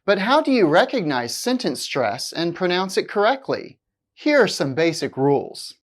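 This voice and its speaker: A woman teaching English, reading a scripted lesson slowly and deliberately, with exaggerated stress on key words. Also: fairly low pitch, very animated.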